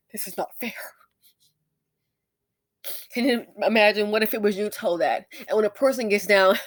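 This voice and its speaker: A woman hosting a commentary channel, talking emotionally and angrily about a news video. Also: medium pitch. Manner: emotional, angry and heated. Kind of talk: casual opinion commentary.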